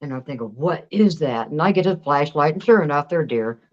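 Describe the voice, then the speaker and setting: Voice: medium pitch, animated, fast talker. A co-host telling a homespun backyard story in casual chat. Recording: dull lo-fi sound.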